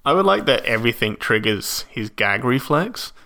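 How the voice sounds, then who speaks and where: A man's voice: mid-range voice, sing-song, moderate pace, a crowd in the background. A man co-hosting a casual film commentary chat, laughing often and acting out quoted lines. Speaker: podcast co-host.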